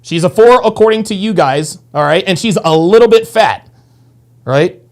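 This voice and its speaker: A man with a fairly high voice that swoops up and down hosts a reaction video. He comments in a casual, crude way and talks in quick bursts. He sounds animated throughout.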